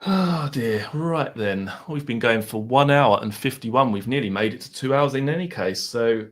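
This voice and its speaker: A man from Essex with a thick local accent, talking casually to a livestream audience from home. He chats in a loose, self-deprecating way, thinking aloud as he goes through viewer comments. His voice sits at a mid pitch. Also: moderate pace. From Essex, England. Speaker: livestream host.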